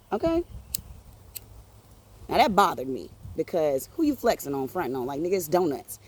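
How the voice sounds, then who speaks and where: A woman telling a personal story on her podcast in an animated, profane, streetwise way. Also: fairly low pitch. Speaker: podcast host.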